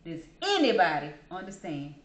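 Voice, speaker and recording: A woman's voice: on the low side, sing-song, moderate pace. A woman hosting her own show, talking casually and chattily about herself and calling listeners "baby". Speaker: podcast host. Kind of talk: casual personal monologue. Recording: echoey room.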